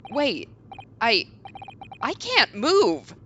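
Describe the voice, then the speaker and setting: A woman reads as a confused young man who wakes up accused of murder in a video game. Bright, lively voice with big swings of pitch, drawn out slowly and bewildered. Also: lo-fi sound, slight background noise, full character voice. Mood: groggy. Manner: groggy, bewildered, panicky. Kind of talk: reading game dialogue aloud.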